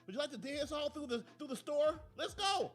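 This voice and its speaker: A man's voice: expressive, a little fast, faint music behind. A man voicing a doting dad in a sugary, overly cheerful sing-song voice. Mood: gushing. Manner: high-pitched, overly cheerful, gushing.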